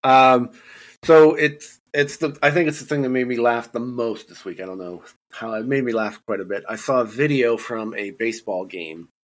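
Male comedian, relaxed and halting storyteller, mid pitch. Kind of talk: casual chat.

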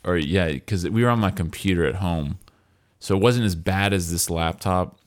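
A man with a fairly low voice co-hosts a casual podcast. He rambles in a chatty way and breaks off to read list items aloud. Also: normal speed. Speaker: podcast co-host.

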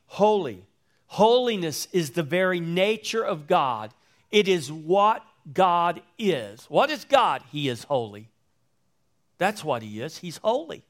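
A man preaching in a measured, deliberate sermon voice that sits a little higher than most men's. He lingers on his words and repeats key phrases for emphasis. His voice climbs, then sinks low and quiet at the close of a thought. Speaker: pastor.

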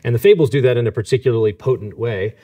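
A man hosting a conversation and retelling a fable in a relaxed, casual way. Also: mid-range voice, fast. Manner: relaxed, many fillers and restarts. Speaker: host and author.

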